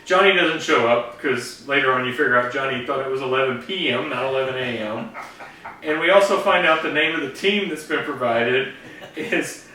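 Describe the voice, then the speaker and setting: Brief: co-host guy, rambling casual recap, bright voice, echoey room with a far-off mic. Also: medium pitch. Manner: rambling retelling with quick voice impressions. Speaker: co-host of a review show. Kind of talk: casual review chat. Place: basement movie room.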